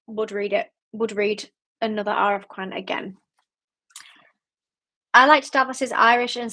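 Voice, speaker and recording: A fairly high-voiced woman hosts a casual book club livestream, reading out viewer comments as she goes. She rambles happily with lots of fillers and quick giggles. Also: a bit bright.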